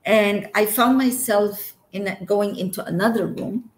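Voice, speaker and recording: Slow-talking woman, echoey room. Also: mid-range voice. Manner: emotional, trails off and laughs between phrases. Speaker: interview guest. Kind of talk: personal storytelling.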